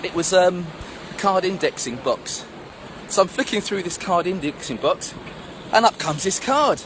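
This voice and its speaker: The story is told by a middle-aged man whose voice sits high, moving at a moderate pace in an outdoor monologue at sunrise. Street sounds and passing traffic run behind him as he animatedly acts out the voices of people from his own experience.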